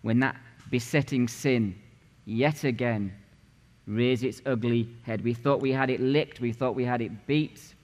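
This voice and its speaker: A man's voice: mid-range voice, measured pace, a little mellow. A man in his late forties preaching a sermon as pastor, punchy and conversational, firing rhetorical questions at the congregation. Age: 40s. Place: church sanctuary. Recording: long church reverb.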